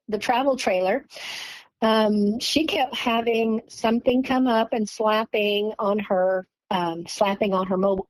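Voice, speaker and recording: A woman's voice: mid-range voice, dry recording, poor audio. A woman from Texas, telling a story as a guest in a casual, rambling way, acting out what people said. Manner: rambling, lively, acts out quoted speech.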